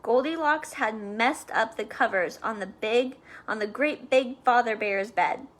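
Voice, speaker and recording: A woman reading a storybook aloud to children, with playful chatty asides and soft whispers. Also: on the high side, measured pace.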